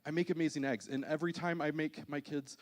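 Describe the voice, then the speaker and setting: A man's voice: fairly high pitch, fairly even intonation, quick pace. A man in his thirties, a pastor preaching a sermon to a church congregation, telling self-deprecating funny stories. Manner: humorous, self-deprecating storytelling. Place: church auditorium.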